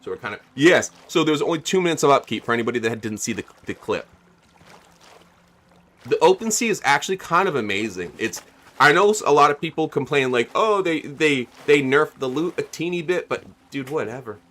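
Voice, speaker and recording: A man's voice: mid-range voice, big pitch swings, fairly quick, a bit bright. A man streaming a video game, chatting casually with viewers and thanking them as he plays. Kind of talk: casual livestream chat.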